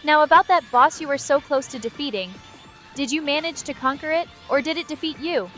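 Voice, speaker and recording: A woman's voice: high-pitched, a little fast, fairly bright tone, soft background music. A synthetic woman's voice chatting as an AI companion, sarcastic, witty and mock-exasperated. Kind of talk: sarcastic chatbot banter.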